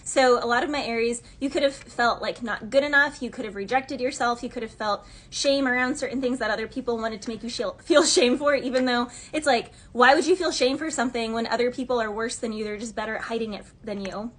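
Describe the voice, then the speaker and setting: Chatty woman tarot reader with a high, sassy delivery. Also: steady tone, fairly quick, few pauses. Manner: chatty and sassy, voicing imagined gossips. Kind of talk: casual tarot reading monologue.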